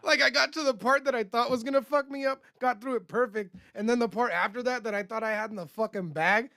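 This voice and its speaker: A man chats loosely on a podcast, swearing freely and restarting his sentences. His voice sits high, with a gravelly fry and a bright, forceful edge. The sound is dry and close. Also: fast talker, no room sound. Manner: loose, profane, rambling with many restarts. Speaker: podcast co-host. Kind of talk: casual chat.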